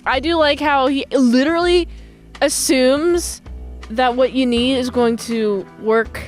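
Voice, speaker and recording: A woman with a high voice chats through an episode recap, loose and animated. She keeps jumping into goofy imitations of the characters. Faint music sits quietly under her voice. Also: slow pace. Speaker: episode reviewer. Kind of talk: casual recap with acted-out quotes.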